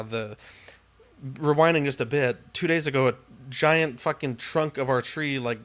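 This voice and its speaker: A man's voice: a little high, moderate pace. Exasperated young man ranting. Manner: exasperated, swears a lot, rants with rising outbursts. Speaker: podcast co-host. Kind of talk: casual storytelling chat.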